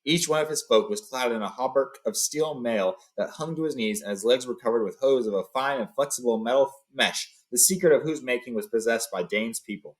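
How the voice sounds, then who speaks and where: Brief: a relaxed male reader, mid pitch, casual read-aloud storyteller. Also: fairly quick, hardly any pauses. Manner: loose, with fillers and paraphrasing.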